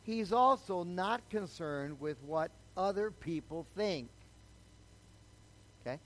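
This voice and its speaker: This is a low-quality recording of an older man's sermon, in which he recounts his own testimony conversationally and keeps checking in with the crowd by asking "okay?". His voice is high-pitched, animated and a bit bright, and he speaks slowly.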